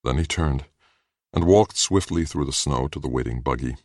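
A man narrating a story in a steady, measured reading. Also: very deep voice, dry recording, studio quality. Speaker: audiobook narrator. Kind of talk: scripted narration.

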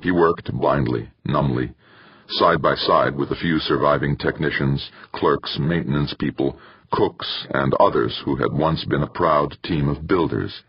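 A man narrating an audiobook in a steady, somber way. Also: extremely low pitch, unhurried, slightly rough. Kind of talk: scripted narration. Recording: muffled dry recording.

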